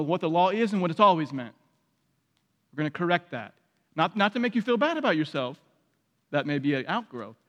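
A man preaching a sermon as pastor, emphatic and repeating his key phrases, often climbing to loud peaks. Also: fairly high pitch. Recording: long hall reverb.

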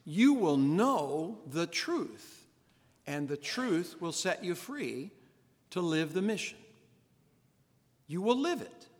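A man with a fairly high voice preaches a sermon in a church. He presses hard with earnest rhetorical questions. His words ring out with a long hall echo behind them. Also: very animated, slow pace, long pauses. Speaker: pastor. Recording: reverberant church sanctuary.

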